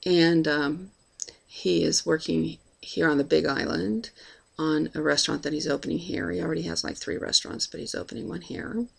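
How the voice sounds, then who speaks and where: A woman's voice: deep voice, vocal fry, breathy edge. A woman casually telling a personal travel story, chatty and full of fillers as she acts out bits of dialogue.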